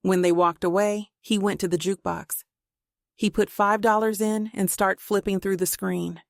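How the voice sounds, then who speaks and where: A woman narrating a novel in steady, plain storytelling, recorded on a close mic. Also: medium pitch, normal speed, vocal fry, no echo. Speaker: audiobook narrator. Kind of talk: scripted narration.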